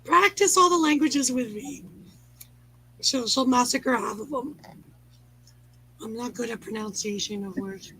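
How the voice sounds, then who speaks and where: A woman hosts a relaxed livestream chat with a high voice. She is playful and pokes fun at herself. Her tone is bright and lively. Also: measured pace, pauses often, breathy edge, poor audio. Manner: playful, self-mocking, laughs at own mistakes. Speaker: livestream host.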